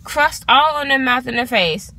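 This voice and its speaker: High, lively young woman ranting. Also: moderate pace. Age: 20s. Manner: animated, exasperated, swears freely. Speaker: vlogger. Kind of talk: casual storytime rant.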